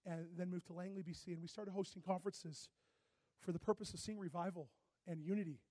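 High, husky-voiced preacher man. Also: fast talker, no room sound. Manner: animated, dramatic storytelling with plenty of asides to the audience. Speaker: pastor. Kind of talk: sermon.

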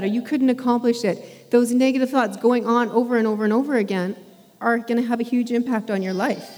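Woman preacher, chatty sermon delivery, slightly high voice, long hall echo. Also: a little mellow. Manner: conversational with laughs and fillers.

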